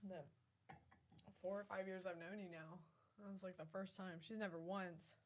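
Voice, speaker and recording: A woman co-hosting a podcast in casual chat, laughing often and talking gently. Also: lowish voice, fairly even intonation, normal speed, a little hiss or hum. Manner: laughs often, soothing and playful. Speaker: podcast co-host.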